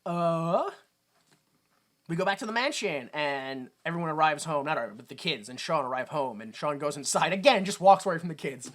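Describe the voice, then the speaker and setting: A man's voice: on the high side, animated, fairly bright tone. Guy on a movie podcast retelling the plot, does little silly voices for the characters, swears a lot. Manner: retells scenes, acting out lines in quick put-on voices; swears freely, laughs at his own jokes. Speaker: podcast co-host. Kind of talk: casual movie recap chat.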